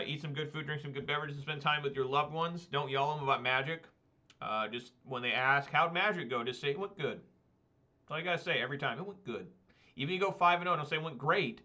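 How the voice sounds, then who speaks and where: A man in casual stream-outro chat, rambling and frank, grumbling now and then between fillers. His voice is bright and fairly high for a man. The stream audio sounds a little dull and lo-fi.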